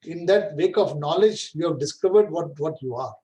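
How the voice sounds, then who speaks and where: A man's voice: on the high side, normal speed, dark tone, low-quality recording. A man teaching a scripture class, explaining patiently and often checking that listeners follow. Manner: explains patiently, checks understanding with "right?" and "correct?". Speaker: Vedanta teacher.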